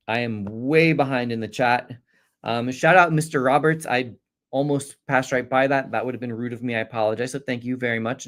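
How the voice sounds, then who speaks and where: Earnest man teaching a livestream. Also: mid-range voice. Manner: earnest, repeats points for emphasis. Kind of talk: livestream lesson reading chat.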